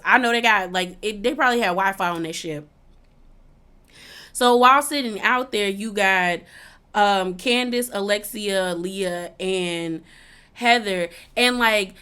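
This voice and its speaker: A woman's voice: mid-range voice, pushed and bright. Chatty woman recapping reality TV. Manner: chatty, heavy use of "like", acts out quotes. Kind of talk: casual recap commentary.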